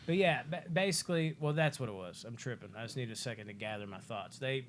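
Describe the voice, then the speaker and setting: A man co-hosting a casual movie podcast, rambling excitedly, swearing often and acting out movie lines. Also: mid-range voice, fast talker, background noise. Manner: rambling, excited, swears a lot, acts out quotes. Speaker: podcast co-host.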